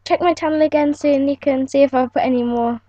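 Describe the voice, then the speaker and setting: A young woman reading her own adventure story aloud, in an earnest, steady storybook manner. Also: high voice, brisk, no room sound. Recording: muffled lo-fi home recording.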